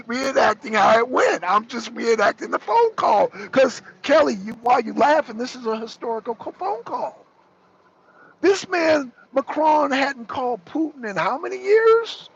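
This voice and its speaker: A man with a very high, gravelly voice rants through heated political commentary and calls out his co-hosts by name. The sound is a bit muffled, with faint noise behind him. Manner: animated, ranting, addresses co-hosts by name. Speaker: political talk show host.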